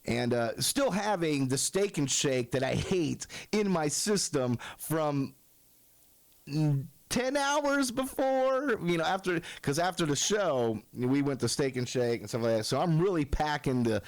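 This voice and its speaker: A man's voice: mid-range voice, moderate pace, few pauses, no room sound. A man in his forties, a radio host, telling rambling, self-mocking stories in a casual monologue. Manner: self-mocking storyteller, lively.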